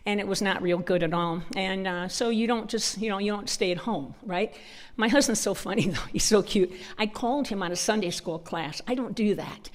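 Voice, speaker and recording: A woman's voice: mid-range voice, moderate pace, hardly any pauses. A woman with a northern US accent, speaking at a church conference and telling personal stories in a chatty way, often laughing. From northern United States. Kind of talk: personal storytelling talk.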